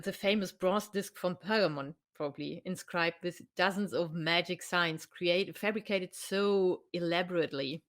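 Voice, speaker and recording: A woman scholar, a guest in an academic conversation, who talks haltingly and searches for her words. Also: on the low side.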